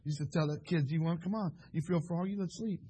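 A man with a high, husky voice preaches a folksy sermon in a church. He repeats his phrases and swells to loud, fervent peaks. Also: fast, rough recording.

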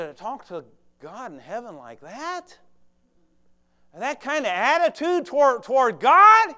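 A fervent male preacher whose high voice rings clear and smooth. He preaches to his congregation, moving between hushed asides and loud, urgent exhortation. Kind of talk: sermon.

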